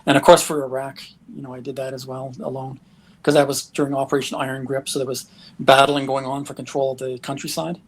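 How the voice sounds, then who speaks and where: A Canadian man appears as a guest in a casual interview, telling lively travel stories. His voice is medium-pitched and quick, and he chuckles often.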